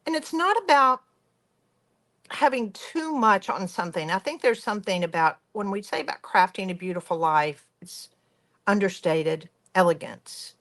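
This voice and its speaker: A woman's voice: fairly low pitch, animated, moderate pace, a bit bright. A woman hosting a craft tutorial, chatty and enthusiastic as she talks viewers through each step. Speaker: craft workshop host.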